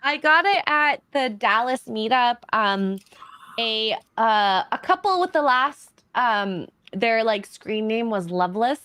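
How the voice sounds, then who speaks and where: A woman co-hosting a casual livestream, relaxed and a bit tipsy, reading viewer donations aloud. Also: on the high side, slow, clean tone. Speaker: co-host.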